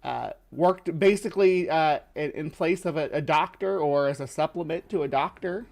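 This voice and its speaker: Rambling host with a fairly high voice. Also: male voice, normal speed, vocal fry, a little mellow. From lower Midwest of the US. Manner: rambling, many fillers and restarts. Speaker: livestream host. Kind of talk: casual livestream commentary.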